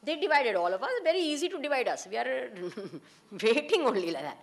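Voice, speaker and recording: Indian woman lecturing, high voice, animated pitch, asks audience questions. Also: a little fast, vocal fry. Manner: asks the audience questions, mixes in Hindi and Gujarati. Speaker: speaker giving a talk.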